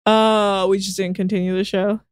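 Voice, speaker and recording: A woman's voice: mid-range voice, level tone, normal speed, smooth, no echo. Young female co-host, chatty and sarcastic, dry close mic. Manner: chatty, sarcastic, mimics people in snippy voices. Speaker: podcast co-host. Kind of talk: casual reality TV recap chat.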